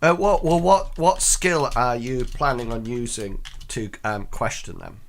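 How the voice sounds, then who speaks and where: A man's voice: mid-range voice, measured pace. A man narrating as game master of a tabletop game in a rambling way with many fillers.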